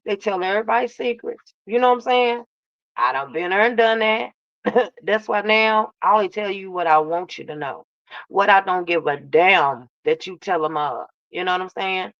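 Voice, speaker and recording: A woman's voice: mid-range voice, vocal fry, no echo. A woman streamer in casual live commentary, greeting her chat by name and telling the story with emphatic asides. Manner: chatty, greets chat viewers, repeats "you know what I'm saying". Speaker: streamer commenting on online drama. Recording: dry, dull lo-fi sound.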